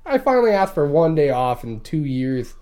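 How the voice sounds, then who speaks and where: A man's voice: fairly high pitch, very animated, normal speed, mellow. A young man telling crude stories in casual chat, swearing and laughing as he talks. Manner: profane, laughing storyteller.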